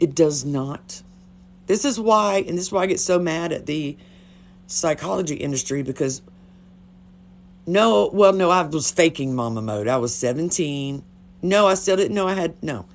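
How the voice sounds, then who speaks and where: A woman talking casually on a phone livestream, blunt and chatty, swearing freely. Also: deep voice. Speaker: livestream host.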